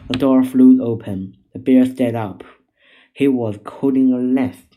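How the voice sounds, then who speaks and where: A man narrating a children's story at an unhurried pace, calm and measured as he reads. His voice is warm and mellow, soft enough for young listeners. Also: mid-range voice, a little hiss or hum, low-quality recording. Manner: gentle, measured reading to children. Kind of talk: scripted narration.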